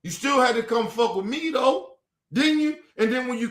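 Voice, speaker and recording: Casting note: furious man venting, high bright voice, echoey room, profane and repetitive. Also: animated, normal speed. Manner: heated, profane, repetitive outbursts. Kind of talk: angry personal rant.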